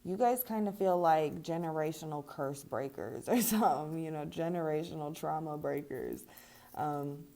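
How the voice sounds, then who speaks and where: A young woman talks her viewers through a card reading in a loose, chatty way, laughing often and dropping casual swears. Her voice sits a little low and sounds mellow and warm rather than bright. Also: moderate pace, vocal fry. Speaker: tarot reader.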